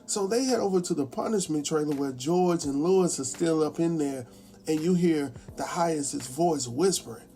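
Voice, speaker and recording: A talkative man recapping a drama episode in a relaxed, colloquial way, slipping into quick impressions of the characters. His voice sits a bit high for a man but sounds warm and mellow. Faint music plays underneath. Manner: animated, acts out characters' lines in quick impressions; chatty, colloquial, laughs at his own asides. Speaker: recap show host.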